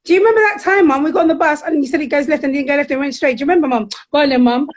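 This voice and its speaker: Middle-aged woman, high voice, frank storytelling, slightly muffled lo-fi sound. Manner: animated, frank, quick to act out quotes. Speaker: guest counsellor. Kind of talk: candid conversational storytelling.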